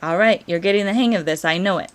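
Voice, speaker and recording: A woman Spanish teacher, encouraging and slow and clear as she walks through verb conjugations in a recorded lesson. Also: lowish voice.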